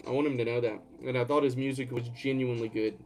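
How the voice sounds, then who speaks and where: A man's voice: mid-range voice, fairly even intonation, quick pace, a little mellow. A man from Georgia, chatting casually on a live stream and answering questions in a rambling way. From Georgia, USA. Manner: rambling, reads and answers chat. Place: at home.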